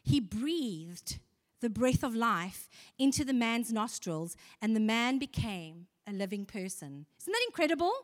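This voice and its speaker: Woman preacher with a slightly high voice, earnest and chatty with the congregation, recorded in a hall with a long echo. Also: sing-song, a little slow. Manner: earnest, conversational, with rhetorical questions to the congregation. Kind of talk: sermon.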